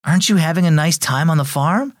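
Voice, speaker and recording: A man reading the lines of a gentle, caring aunt in a children's storybook, reassuring and warm-hearted. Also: a little high, fairly quick, no room sound, studio quality, pitched above the performer's own voice, close to an everyday voice.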